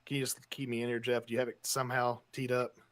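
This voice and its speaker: Animated man telling a story. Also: mid-range voice, quick pace, crowd noise. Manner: animated storytelling, self-deprecating. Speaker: podcast co-host. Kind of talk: casual chat.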